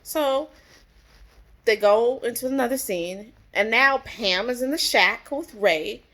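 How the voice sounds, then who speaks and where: A woman's voice: on the high side, slow pace, fairly bright tone. A woman vlogger casually recapping a TV episode, chatty and full of "like" and "you know". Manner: chatty, lots of "like" and "you know", acts out characters' lines.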